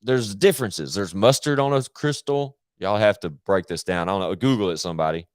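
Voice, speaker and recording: A man's voice: lowish voice, fairly quick, clean tone, no echo, clean studio sound. A man chatting casually on his live stream, rambling, slangy and full of swearing.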